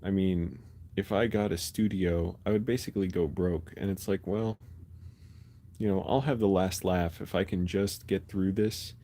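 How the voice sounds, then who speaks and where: Low, mellow-voiced man rambling on a live stream. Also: fairly even intonation, moderate pace. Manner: rambling, chatty, many fillers and restarts. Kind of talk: casual live-stream talk. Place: his bedroom at night. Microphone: phone held close.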